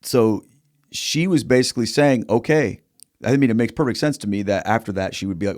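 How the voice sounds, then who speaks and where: A male host with a low voice leads a conversational interview. He is reflective and links the points his guest makes. The sound is dry and close. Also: fairly quick, darkish tone, no room sound. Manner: reflective, builds on the guest's story. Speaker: podcast host.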